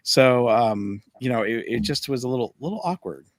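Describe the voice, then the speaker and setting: A man co-hosting a casual podcast chat, animated, jumping to a higher voice when acting out quotes. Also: moderate pace, no echo. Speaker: podcast co-host.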